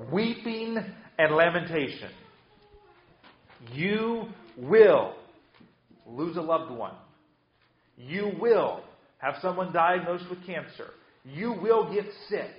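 A man's voice: high voice, roomy sound, dull audio. A man preaching a sermon with emphatic delivery, often repeating words as he restarts. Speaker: pastor.

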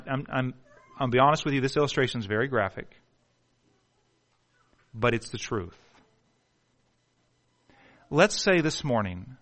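A man preaching a sermon in a fairly high, bright, forceful voice. He swings between soft, low pleading and loud, rising appeals to the congregation. He repeats words and stumbles when he gets worked up. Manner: impassioned preaching, swings from hushed to shouting. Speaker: pastor.

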